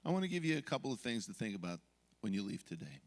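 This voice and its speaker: A middle-aged man preaching a sermon as pastor, telling stories from family life and acting out yelling moments. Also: fairly low pitch, big pitch swings, fast, long reverb tail. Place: church sanctuary.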